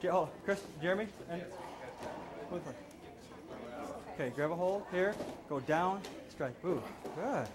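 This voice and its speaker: High-voiced man giving short commands. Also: expressive, unhurried, pauses often, a crowd in the background. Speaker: self-defense instructor. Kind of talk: coaching a hands-on class.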